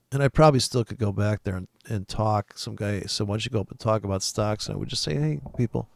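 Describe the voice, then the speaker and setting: A man's voice: mid-range voice, gravelly, dry recording, studio quality. A man giving a rambling, profane forex market commentary, swearing often and laughing at his own jokes. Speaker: forex trader giving weekly forecast.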